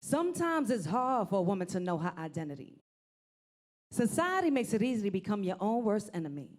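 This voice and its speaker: A woman's voice: medium pitch, big pitch swings, brisk, darkish tone. A woman performing spoken word poetry in a rhythmic, rhyming delivery.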